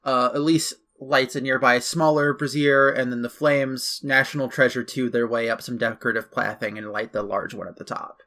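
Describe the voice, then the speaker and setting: A man's voice: mid-range voice, steady tone, moderate pace, few pauses, bright, forceful tone. A man casually recapping a video game story, chatty with loose asides. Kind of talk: casual chat.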